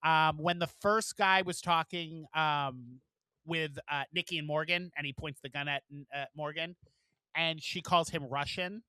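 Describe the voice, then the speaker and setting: A man's voice: fairly high pitch, fairly even intonation, measured pace, sharp tone, smooth, no room sound. A man co-hosting a casual podcast, chatting loosely and swearing freely as he recaps a show. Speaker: podcast co-host. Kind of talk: casual chat.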